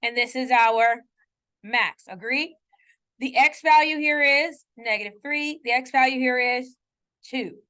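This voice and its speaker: High-voiced chatty woman math teacher. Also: unhurried, bright, forceful tone. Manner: chatty, often checks in with students; playful self-mocking asides. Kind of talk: classroom lecture. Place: classroom.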